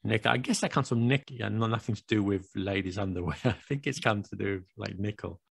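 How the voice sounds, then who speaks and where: British male co-host, playful and joking; gravelly, dead-dry recording. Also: lowish voice, quick pace, no room sound. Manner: playful, teasing, self-mocking asides. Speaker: podcast co-host. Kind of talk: casual podcast chat.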